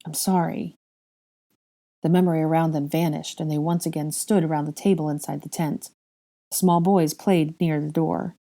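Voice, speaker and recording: A woman reads a fan fiction chapter aloud, steady and measured. Her voice sits low and sounds mellow and warm. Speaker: narrator.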